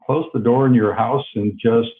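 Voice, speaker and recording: A man being interviewed as a guest author, explaining in a calm, reflective way. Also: mid-range voice, normal speed. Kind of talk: interview on a call-in line. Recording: tinny phone line.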